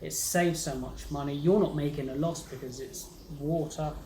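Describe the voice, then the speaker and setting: Young woman, Southern English accent, low voice, emphatic, echoey. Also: fairly even intonation, normal speed, a crowd in the background. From England. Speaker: travel vlogger. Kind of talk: casual chat.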